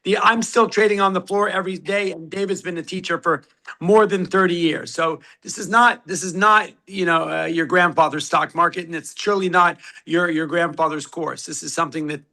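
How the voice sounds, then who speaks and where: An older man pitching a trading course on a live stream, brash and joking. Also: steady tone, fairly quick, gravelly, sharp tone. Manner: brash, joking, high-energy.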